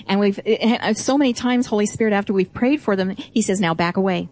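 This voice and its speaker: A woman's voice: medium pitch, quick pace, a little mellow. A middle-aged woman co-hosting a Bible teaching program, reading and explaining scripture with enthusiasm. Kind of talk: conversational preaching.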